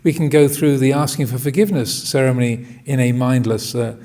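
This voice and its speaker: A man giving a Buddhist dharma talk, hesitant and full of restarts, often laughing gently. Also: mid-range voice, fairly even intonation, a little fast. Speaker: Buddhist monk teaching.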